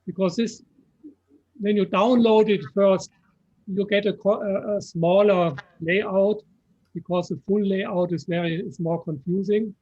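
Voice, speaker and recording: Slow-talking man with German accent. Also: high voice, steady tone, a little mellow. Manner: patient step-by-step instructions. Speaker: software presenter. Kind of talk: explaining software on a video call. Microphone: video call. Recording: dull lo-fi call audio.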